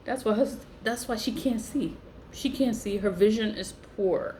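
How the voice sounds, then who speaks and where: A woman vlogger delivers a casual storytime rant, profane and animated. She laughs often, and her voice leaps high whenever she stresses a point. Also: normal speed, a little hiss or hum. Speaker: vlogger who sells spiritual goods online.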